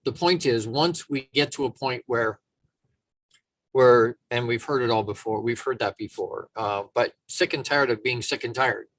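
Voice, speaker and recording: A man giving a casual motivational talk, animated and storytelling, acting out little quoted voices. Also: medium pitch, moderate pace. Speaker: motivational speaker.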